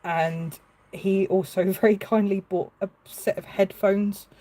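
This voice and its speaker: A woman's voice: mid-range voice, steady tone, unhurried, dark tone, low-quality recording. A woman chatting on a live stream as she paints, hesitant and full of fillers and restarts. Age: adult with a child. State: tearful at moments. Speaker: livestreaming artist. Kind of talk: casual live-stream chat.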